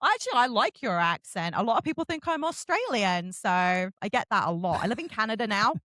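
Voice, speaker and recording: A woman from England with a southern English accent, hosting a casual interview, animated and often laughing. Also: mid-range voice, fairly quick, dry recording. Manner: giggly, animated storyteller. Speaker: interview host.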